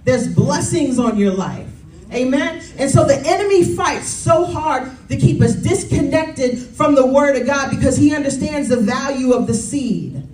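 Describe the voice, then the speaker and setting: In a church, a thirties-aged woman delivers a conversational sermon, frequently addressing the congregation with "y'all" and "Amen." She speaks at a measured pace in a high, slightly mellow voice with lively intonation. The recording is distant and roomy.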